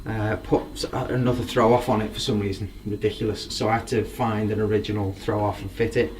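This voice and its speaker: A man's voice: lowish voice, little pitch movement, fairly quick, darkish tone. A man, a drum collector, casually showing off his gear with rambling enthusiasm. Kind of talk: casual show-and-tell. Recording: voice from a distance, faint background noise.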